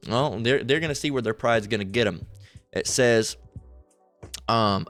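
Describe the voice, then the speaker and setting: A man's voice: mid-range voice, a little slow, pauses often, fairly bright tone, faint music behind. A man preaching in an online sermon video in a rambling, profane way, full of repeated fillers and restarts.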